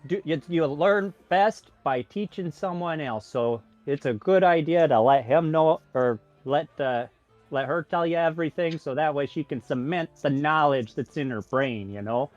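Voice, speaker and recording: An eager, chatty man voicing his tabletop character in a fairly high voice. His dull, lo-fi voice chat mic is heard with faint music underneath. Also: normal speed, darkish tone, no echo. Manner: eager, chatty, laughs along. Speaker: player. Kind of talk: in-character tabletop role-play.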